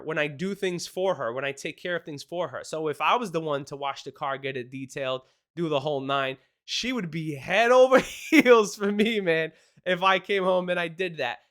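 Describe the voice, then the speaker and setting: Bright, excited male host. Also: fairly high pitch. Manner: excited, fast-talking, laughs often. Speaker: podcast host. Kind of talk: casual marriage advice talk.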